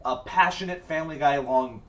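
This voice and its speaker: A man's voice: a little high, fairly quick, dull audio. A man and father in casual chat, telling stories with animation. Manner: animated storyteller. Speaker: show cast member. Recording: distant mic with faint noise.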